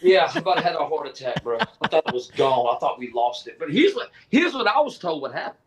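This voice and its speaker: A man co-hosting a racing chat show, telling stories in a casual, animated way and laughing as he goes. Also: a little high, fast talker, slight background noise. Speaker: podcast co-host.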